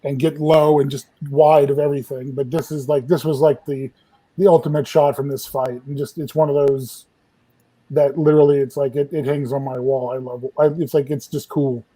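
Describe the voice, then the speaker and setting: A man who works as a film still photographer shares behind-the-scenes stories in a casual group chat, animatedly acting out what people said. His voice is medium-pitched and a little fast, and the recording quality is low.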